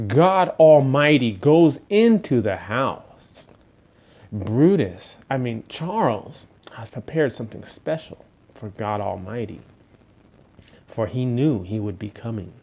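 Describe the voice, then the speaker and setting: A man preaching a storytelling sermon, dramatic, slowing down and dropping to a hush for emphasis. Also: mid-range voice, animated, muffled recording.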